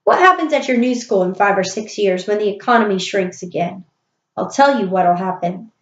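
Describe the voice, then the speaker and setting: A woman's voice: mid-range voice, expressive, normal speed, natural voice. A woman voicing an impatient, fed-up wife who rants scornfully. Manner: ranting, scornful, emphatic. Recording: roomy, dull recording.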